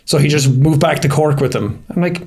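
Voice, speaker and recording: A man in his thirties with an Irish accent, co-hosting a casual podcast chat and telling animated, sweary stories. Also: a little high, brisk. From Ireland. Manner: animated storytelling, lots of swearing and laughing. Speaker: podcast co-host.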